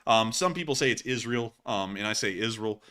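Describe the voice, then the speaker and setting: A man's voice: on the low side, lively intonation, fast talker, bright, forceful tone. A man with a Southern US accent hosting a casual news livestream, rambling with many fillers as he thanks donors. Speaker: host of a war news livestream.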